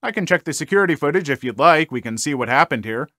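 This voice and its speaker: Calm security guard, voiced by a man, matter-of-fact, slightly high pitch. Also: quick pace, dry recording, clean studio sound. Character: calm, puzzled hotel security guard, male.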